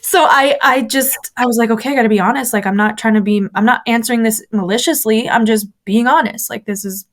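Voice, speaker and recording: Woman w a higher voice telling her church story in an interview, lively, acts out the quotes. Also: fairly quick, few pauses. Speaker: interview guest, former church member. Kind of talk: personal testimony in conversation.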